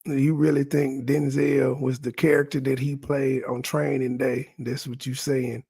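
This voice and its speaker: A man's voice: mid-range voice, level tone, a little slow, dark tone, husky, dry recording, studio quality. A man in an online voice chat, arguing bluntly and sarcastically as he reasons things out. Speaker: chat participant. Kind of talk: casual argumentative chat.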